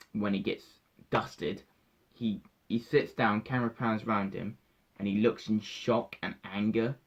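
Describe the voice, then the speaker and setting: A young man, giving an emotional, halting spoiler review of a film that often repeats itself. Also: fairly low pitch, gravelly. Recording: dull lo-fi sound.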